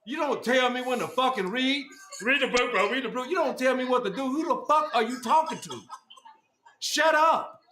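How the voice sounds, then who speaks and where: High-pitched man mocking on an echoey call. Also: moderate pace, a little hiss or hum. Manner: loud, mocking, repeats insults over and over. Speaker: podcast host. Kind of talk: heated argument on a group call. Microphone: group call.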